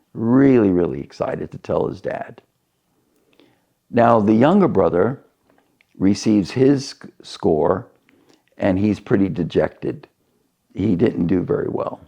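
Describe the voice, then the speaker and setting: A male preacher tells a story from the pulpit, slipping into the characters' voices as he goes. His voice is low, gravelly and mellow. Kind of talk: sermon storytelling.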